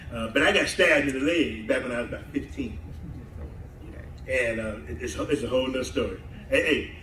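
His medium-pitched voice sounds pushed and bright as this southern United States pastor preaches in a church sanctuary, laughing often and drawing responses from the congregation. The distant, echoey hall mic carries a little hiss or hum.

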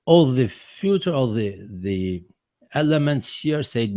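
A man who makes documentaries, giving a personal account in a presentation in halting, non-native English full of restarts and repeated words. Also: medium pitch, animated, warm tone, no echo. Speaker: documentary filmmaker presenting his work.

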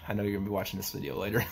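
Gravelly low-voiced man, fighting back tears. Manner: halting, emotional, restarts often. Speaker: vlogger. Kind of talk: personal vlog talk.

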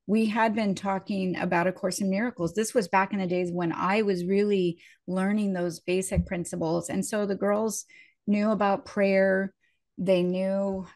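A woman's voice: medium pitch, a little mellow. A woman minister telling a personal story during a sermon, in a conversational way and acting out the voices of the people in it.

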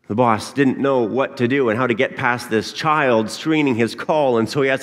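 A man's voice: medium pitch, moderate pace, few pauses. Man preaching in a reverberant church. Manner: conversational, with frequent uh and um. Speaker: pastor. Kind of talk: sermon. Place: church sanctuary.

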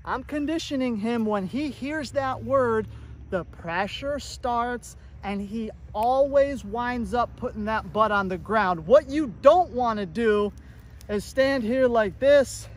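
A man's voice: extremely high pitch, takes it slowly, slight background noise. A man working as a dog trainer, giving a casual, upbeat tutorial outdoors and praising his puppy as he coaches.

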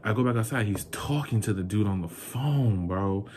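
A young New York man vents straight to the viewer about a breakup, heated and indignant in an emotional vlog rant. His voice is lowish and darkish at a moderate pace, over slight background noise.

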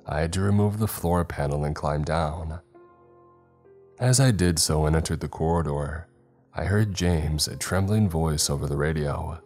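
Very deep-voiced male horror narrator. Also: darkish tone. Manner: measured, dramatic. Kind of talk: first-person horror narration. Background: faint background music.

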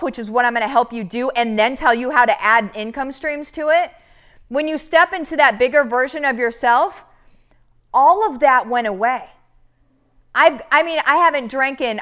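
Earnest woman coach, slightly high voice. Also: fairly bright tone. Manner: earnest, repeatedly addresses "you guys"; rambling with many restarts. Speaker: online business coach. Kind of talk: motivational talk to camera.

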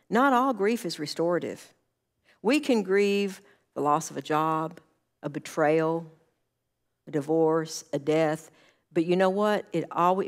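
A woman with a slightly low voice speaks from the church platform as a counselor. She is earnest and conversational, and she tells stories from her counseling work, slipping into the voices of the people in them. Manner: earnest, anecdotal, acts out quoted dialogue. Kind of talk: conversational sermon talk.

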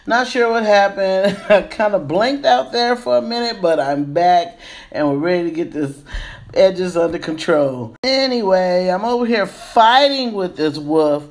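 A woman in her fifties giving a casual, playful hair tutorial, breaking into excited squeals. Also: mid-range voice, measured pace. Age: 50s. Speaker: beauty vlogger.

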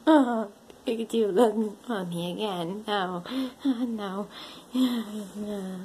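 A woman's voice: medium pitch, slow, mellow, a little hiss or hum, natural voice. A woman voicing a grumpy, standoffish male black cat who sulks and protests when another cat gets close. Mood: dismayed. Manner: reluctant, sulky protests.

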